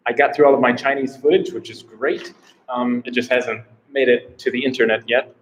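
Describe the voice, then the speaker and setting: A man's voice: mid-range voice, steady tone, brisk, slight background noise, rough recording. An American man chatting casually on a live stream from a small room, rambling and unsure, often repeating himself. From United States. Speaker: travel vlogger doing a live Q&A.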